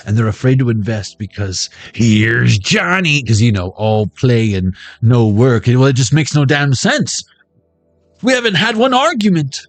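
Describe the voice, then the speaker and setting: A man's voice: medium pitch, animated, unhurried, few pauses, no echo, faint music behind. A man hosting a casual tarot reading video, rambling and joking with casual swearing. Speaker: tarot reader. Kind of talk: casual intuitive reading vlog.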